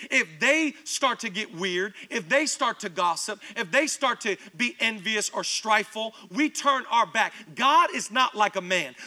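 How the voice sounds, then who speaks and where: A man preaching a sermon as pastor, telling stories with animated delivery and acting out the voices of the people in them. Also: high voice. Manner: animated storytelling, acts out quoted voices.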